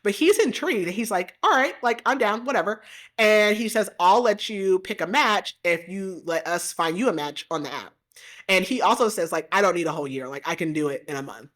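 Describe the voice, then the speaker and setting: A woman podcast host giving a casual, animated book recap, full of "like" fillers. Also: lowish voice, fairly quick. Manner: animated retelling with frequent "like" fillers.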